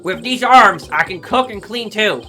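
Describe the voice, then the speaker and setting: A woman's voice: mid-range voice, lively intonation, unhurried, pushed and bright, soft background music, voice pushed up. A woman voicing a boy who plays a blustering drill sergeant through a drone, barking orders in a bossy military drawl.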